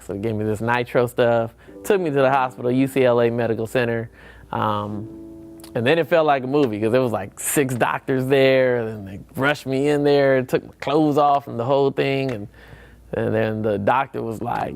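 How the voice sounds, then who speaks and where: A man sharing a personal testimony, animated, acting out the people in his story with big jumps in his voice. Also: mid-range voice, moderate pace, creaky, faint music behind. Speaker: church member sharing testimony.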